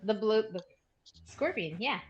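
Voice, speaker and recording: A woman's voice: medium pitch, expressive, unhurried, highs cut off. A woman chatting animatedly and giggling between turns of a tabletop game. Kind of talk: casual chat during a tabletop game.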